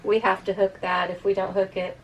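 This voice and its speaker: A woman's voice: mid-range voice, little pitch movement, brisk, muffled recording, crowd noise. A woman giving a casual, chatty walkthrough of her motorhome for an RV vlog. She explains things by showing them. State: out of breath. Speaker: RV vlogger. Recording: distant mic, faint ambient noise.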